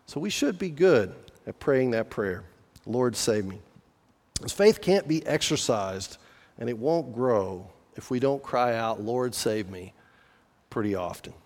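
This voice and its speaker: Male pastor, middle pitch, chatty but earnest sermon delivery, long hall reverb. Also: darkish tone. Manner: conversational, earnest, asks the listeners questions.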